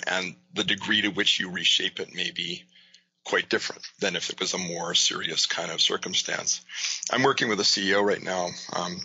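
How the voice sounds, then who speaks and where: A man's voice: sits low, pushed and bright, slightly rough, lo-fi sound. A male guest in an interview, explaining his ideas thoughtfully with lots of "you know" and "right?". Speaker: guest, leadership author and coach. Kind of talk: casual interview talk.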